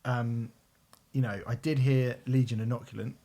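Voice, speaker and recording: A man co-hosting a podcast, chatting casually in a blunt, emphatic way. His voice sits at an ordinary mid pitch, and he tosses off swearing without fuss. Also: steady tone, normal speed, mellow. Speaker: podcast co-host. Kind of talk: casual music review chat.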